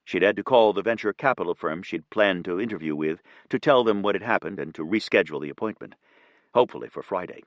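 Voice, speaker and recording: A man narrating an audiobook in a steady, even reading. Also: low-pitched, fast, no echo, highs cut off. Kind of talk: scripted narration.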